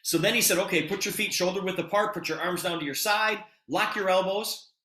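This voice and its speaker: A middle-aged man giving a storytelling sales pitch as a presenter, animated and acting out conversations in quotes. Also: fairly quick. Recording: echoey room.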